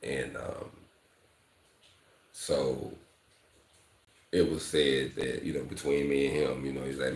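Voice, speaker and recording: A man's voice: very deep voice, flat delivery, moderate pace, long pauses, roomy sound. A man teaching welding, talking candidly to his viewers in a casual vlog, often calling them "fam" and "you know". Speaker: welding instructor.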